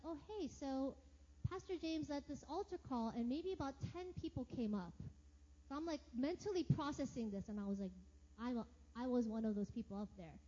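High-voiced woman giving testimony. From United States. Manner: animated, acts out her own past reactions. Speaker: church leader sharing testimony. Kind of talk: personal testimony sermon. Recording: reverberant hall, dull lo-fi sound.

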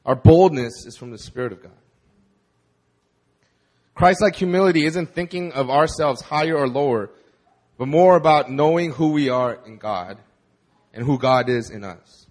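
A man preaching a sermon in a conversational, animated way, with casual fillers. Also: medium pitch, normal speed, pauses often. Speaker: pastor.

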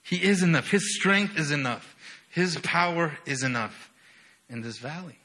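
A young man delivers a sermon in a fairly high, bright, forceful voice. He is full of energy and keeps checking in with "right?". He moves between loud bursts and quiet, low passages. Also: lively intonation, unhurried. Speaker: preacher.

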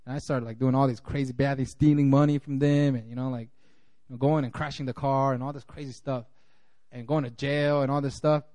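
A man's voice: medium pitch, steady tone, brisk, warm tone. A man preaching a sermon as pastor, in a conversational way full of "you know", acting out the voices he quotes.

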